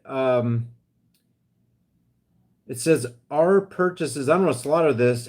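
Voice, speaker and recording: A man hosting a live stream, ranting in a heated, emphatic way, then dropping into quieter asides to his viewers. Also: mid-range voice. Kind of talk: impassioned live-stream rant.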